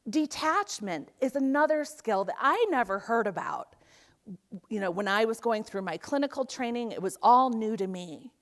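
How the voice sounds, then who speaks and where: A middle-aged woman giving a motivational keynote talk in a conference hall, telling stories and acting out the voices of people in them. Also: mid-range voice. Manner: animated storytelling, acts out quoted voices. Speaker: keynote speaker.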